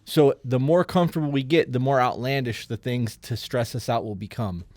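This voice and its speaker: A man's voice: medium pitch, moderate pace, a little mellow, no echo. Man podcast guest, chatty explainer, dry close mic. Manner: conversational, explains ideas at length. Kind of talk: casual podcast chat.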